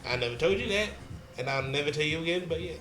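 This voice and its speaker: A man co-hosting a casual podcast, talking in a relaxed, reflective way with many fillers. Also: a little high, quick pace, reverberant. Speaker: podcast co-host. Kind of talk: casual chat.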